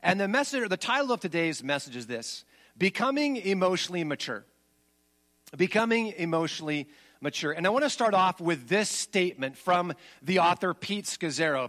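A man in his forties, a pastor preaching a candid, confessional sermon, moving between animated emphasis and low, quiet admissions.

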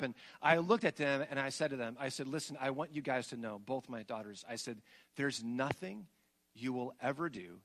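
A middle-aged male pastor preaching a sermon and telling family stories, rising to loud emphatic peaks and dropping to soft, hushed passages. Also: a little high.

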